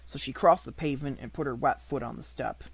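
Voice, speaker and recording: A man reading an unabridged audiobook in a measured storytelling manner, slowing on descriptive words. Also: mid-range voice, creaky, a bit bright, breathy edge. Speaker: audiobook reader.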